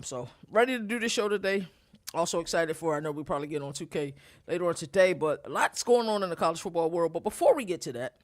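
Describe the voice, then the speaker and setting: A young man hosting a casual college sports talk show, animated and rambling, with lots of shout-outs. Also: a little high. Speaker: podcast host.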